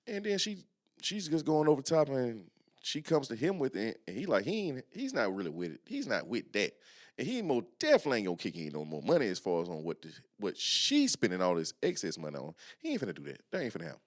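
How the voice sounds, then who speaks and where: A man's voice: mid-range voice, wildly swooping pitch, fast talker. A man co-hosting a casual podcast, talking in a laid-back, drawling way with plenty of slang. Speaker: podcast co-host.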